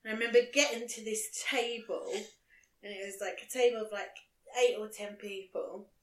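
A woman's voice: mid-range voice, steady tone, normal speed, a bit bright. A young woman co-hosting a podcast, chatting casually and swearing now and then. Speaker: podcast co-host. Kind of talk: casual chat. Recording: echoey room.

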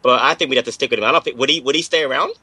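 A man talks fast in a casual podcast chat. His voice is bright and forceful, and it sits close and dry on the mic. He speaks earnestly and plainly. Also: medium pitch, no room sound. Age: 50s. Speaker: podcast co-host.

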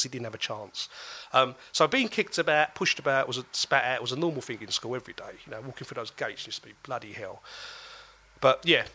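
A man, a guest telling a personal story in an animated way, often restarting his sentences. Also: mid-range voice, husky. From England.

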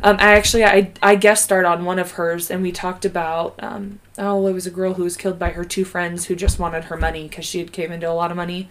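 A woman's voice: fairly low pitch, flat delivery, brisk, few pauses. A woman co-hosting a true crime podcast, chatting casually and rambling with many fillers and restarts. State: pregnant. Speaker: podcast co-host. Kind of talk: casual chat.

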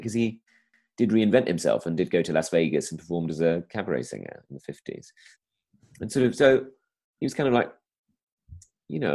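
A man's voice: low-pitched, creaky, a little mellow, husky. A man, a comedian, chatting casually in a rambling way, full of fillers and restarts. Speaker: comedian guest. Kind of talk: casual conversation.

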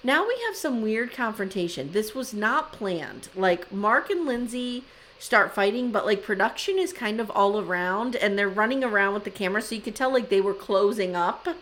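A woman co-hosting a podcast, recounting scenes in casual, animated chat. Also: medium pitch, moderate pace, low-quality recording. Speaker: podcast co-host.

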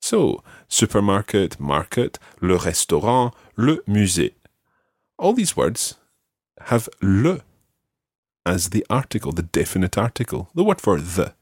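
A man hosting a podcast language lesson, patiently repeating words slowly for practice. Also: on the low side, big pitch swings, a little mellow, slightly rough, no room sound, clean studio sound. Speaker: language teacher and podcast host.

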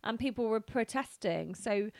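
A woman's voice: a little high, animated, moderate pace, vocal fry, dry recording, clean studio sound. A woman co-hosting a podcast in casual chat, gushing and emotional, with lots of fillers. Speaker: podcast co-host.

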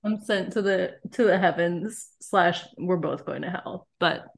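A young woman co-hosting a podcast in casual chat, playful and teasing, quick to laugh. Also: on the low side, vocal fry. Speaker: podcast co-host.

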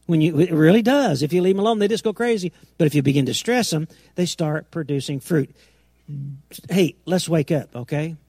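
A middle-aged man delivers an emphatic sermon in a somewhat high, gravelly voice. He swings between quiet, slow asides and loud, ringing declarations, acting out the quotes he reads. The sound is close and dry, with no room around it. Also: no room sound. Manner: emphatic, dramatic swings in pitch and loudness, acts out quotes. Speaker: preacher.

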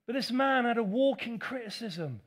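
A man preaching a sermon as pastor, animated and acting out the voices of critics. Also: extremely high pitch, normal speed.

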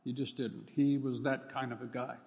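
Gravelly man preaching in an echoey hall. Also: mid-range voice, moderate pace, dull audio. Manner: animated, acts out dialogue with loud outbursts. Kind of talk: sermon with storytelling.

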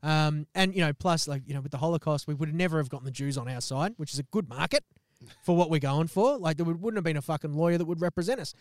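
A young man co-hosting a podcast tells a story in casual chat, swearing constantly and acting out quotes in an animated retelling. His voice is fairly high and fast. The recording is studio quality with no room sound.

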